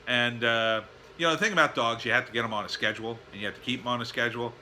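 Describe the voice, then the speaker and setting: A man tells a casual, rambling story at home, his voice strikingly bright and sharp at a middling pitch. He fills his talk with uh's and weary asides. A faint background ambience hums behind him. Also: fairly even intonation, very fast, a little hiss or hum. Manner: rambling, with many fillers and tired sighing asides. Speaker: vlogger. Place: at home, backyard and indoors.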